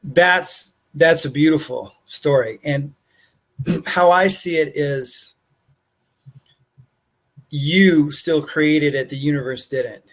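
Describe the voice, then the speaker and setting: A man, the host and a life coach, reflecting back on a guest's story in a slow, considered way. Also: fairly high pitch, fairly bright tone. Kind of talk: coaching conversation.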